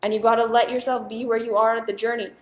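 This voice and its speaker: A woman's voice: on the high side, flat delivery, fast talker, reverberant. A woman and spiritual teacher talking straight to viewers in a casual monologue, earnest and emphatic, often repeating herself.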